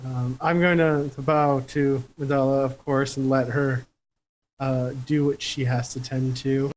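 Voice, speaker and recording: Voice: mid-range voice, level tone, measured pace, poor audio. A player in a tabletop game, talking eagerly and chattily about what the character does.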